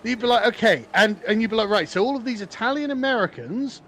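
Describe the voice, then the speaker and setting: A man's voice: high-pitched, animated, quick pace, a bit bright, slight background noise. A man telling jokes and stories animatedly on a podcast panel, stumbling over his words and laughing. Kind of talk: casual panel chat.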